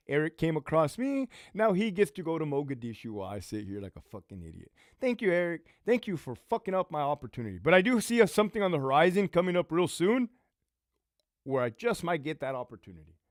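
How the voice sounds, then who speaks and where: A man with a fairly high, swinging voice tells blunt, profane stories and answers viewer questions on a casual live stream. His speech rises and falls a lot, and the sound is close and dry with no room around it. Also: a little fast, no echo. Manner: profane, blunt, animated storyteller. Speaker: livestream host and former prison lieutenant. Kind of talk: casual livestream Q&A storytelling.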